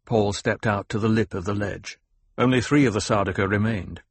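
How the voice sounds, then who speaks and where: A man narrating an audiobook in a steady, measured way. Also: on the low side, husky, no echo. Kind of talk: scripted narration.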